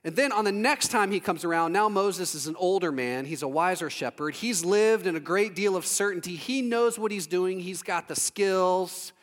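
A man preaching a storytelling sermon in a relaxed, humorous way, acting out little scenes as he goes. His voice sits fairly high for a man. A long reverb trails his words, as in a big sanctuary. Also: normal speed, hardly any pauses. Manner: conversational and humorous, with lively acted-out asides.

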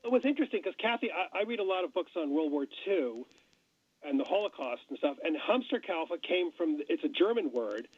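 A man's voice: a little high, sing-song, brisk, slightly rough, no room sound. A man guest chatting eagerly about words. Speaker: co-author guest. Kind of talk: casual chat. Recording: tinny phone line.

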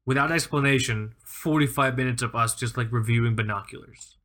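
A man's voice: mid-range voice, fairly quick, fairly bright tone. A man co-hosting a casual podcast, talking with energy, joking and laughing often. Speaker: podcast co-host.

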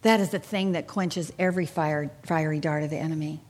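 A woman's voice: sits low, fairly even intonation, a little fast, darkish tone. A middle-aged woman teaching the Bible to a small group in an earnest, confiding way, often asking her listeners questions.

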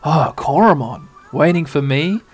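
A storyteller voicing an excitable, curious boy hero who speaks in startled exclamations. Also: medium pitch, unhurried, breathy edge, no echo, faint music behind.

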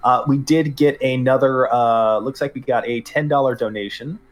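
A man's voice: mid-range voice, steady tone, moderate pace. A man hosting a gaming podcast, chatting casually through the news with lots of fillers. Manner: rambling, filler-heavy. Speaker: podcast host.

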